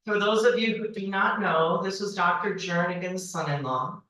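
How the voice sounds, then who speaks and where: A woman in her forties giving a humorous storytelling speech at a banquet, acting out the people in her stories with high voices. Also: moderate pace. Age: 40s. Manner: animated, acts out dialogue with high-pitched quoted voices. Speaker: banquet speaker. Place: banquet hall. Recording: echoey hall, voice from far off.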